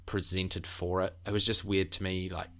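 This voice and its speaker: A man's voice: sits low, level tone, moderate pace, fairly bright tone. A man co-hosting a podcast, rambling enthusiastically through award categories in casual chat, with many fillers. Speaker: podcast co-host.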